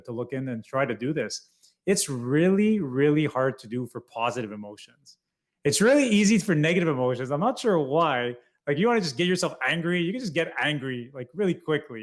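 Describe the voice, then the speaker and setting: Earnest man talking about emotions. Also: medium pitch. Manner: earnest, emphatic, self-reflective. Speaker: guest. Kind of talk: podcast conversation.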